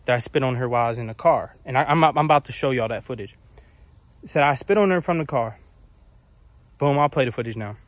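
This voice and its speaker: A young man telling a casual storytime about his own life, animated and acting out the people he quotes. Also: mid-range voice, fast, long pauses, no room sound. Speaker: vlogger.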